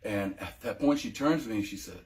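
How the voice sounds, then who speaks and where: An American veteran with a fairly low, slightly mellow voice speaks briskly and animatedly in a personal testimony vlog about his own life. Still, he's emotional and hesitant, stumbling into many ums and restarts.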